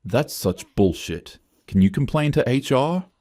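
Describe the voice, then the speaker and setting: A woman's voice: very deep voice, lively intonation, measured pace, warm tone, no echo, voice pushed up, full character voice. A man reading the lines of a gossiping female friend who reacts with disbelief. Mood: incredulous. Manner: incredulous.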